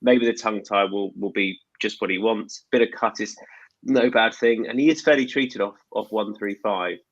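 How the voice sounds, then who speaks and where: A man hosting a casual racing betting chat, speaking in a halting, self-deprecating way with plenty of fillers. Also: lowish voice, no room sound, muffled recording. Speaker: host.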